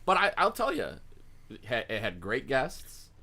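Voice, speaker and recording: A man's voice: mid-range voice, wildly swooping pitch, a little slow, vocal fry, sharp tone. A man co-hosting a podcast, telling a rambling story in casual chat and laughing often. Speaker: podcast co-host.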